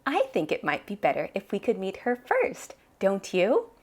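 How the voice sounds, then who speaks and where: A woman reading aloud as a careful, exasperated grown daughter who speaks in a measured, polite way. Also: mid-range voice, huge pitch swings, darkish tone, husky. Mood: cautious.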